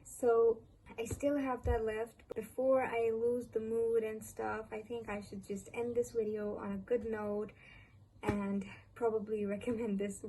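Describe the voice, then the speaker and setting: Recorded at home while a street vendor calls outside amid faint street noise, a young Pakistani woman vlogs about books with casual enthusiasm, often saying things twice for emphasis. Her Pakistani English accent carries a mellow, fairly high voice with little pitch movement and an unhurried pace. The audio is poor.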